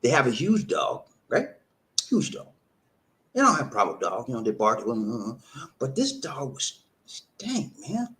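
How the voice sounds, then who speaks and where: A man hosts a live stream and tells his viewers a story in a relaxed, chatty way. His pitch swings widely as he gets into it. He stumbles over and repeats words, then acts out what each person said. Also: moderate pace. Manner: animated, repeats words, acts out quoted dialogue. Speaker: live-stream host reading viewer comments.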